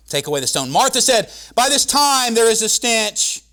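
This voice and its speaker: A man preaching a sermon, swinging between loud proclaiming and hushed, dramatic storytelling. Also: extremely high pitch, very animated, normal speed, few pauses.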